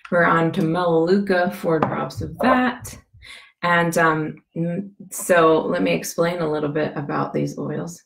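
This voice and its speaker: A woman with a scratchy, gravelly voice, giving a chatty how-to demonstration, rambling with many fillers and restarts. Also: fairly low pitch, echoey room. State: scratchy voice from a cough. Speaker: essential oil demonstrator.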